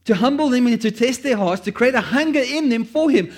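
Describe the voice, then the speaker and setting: A man preaching a sermon, animated, acting out quoted prayers and joking at his own expense. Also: extremely high pitch, brisk, few pauses. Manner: animated, acts out quoted prayers, self-deprecating asides. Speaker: pastor.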